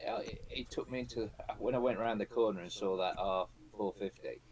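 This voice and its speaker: A middle-aged man with a fairly low voice tells a casual anecdote. He acts out what other people said to him and swears now and then. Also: brisk, darkish tone, rough recording. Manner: storytelling, acts out quotes, swears. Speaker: trucking group owner.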